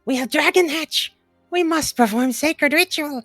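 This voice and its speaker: A woman putting on a squeaky, blustering kobold chief. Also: measured pace, no echo, faint music behind. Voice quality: squeaky, a feeble attempt at a roar. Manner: yelling in broken speech. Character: small pathetic male kobold chief, blustering.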